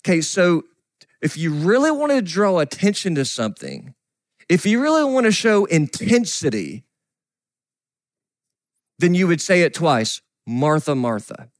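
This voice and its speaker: A middle-aged man preaching a sermon as a pastor, earnest, often sinking to a soft whisper. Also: on the high side, sing-song, a little slow, pauses often, dry recording, studio quality. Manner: earnest, drops to soft whispers for quoted grief.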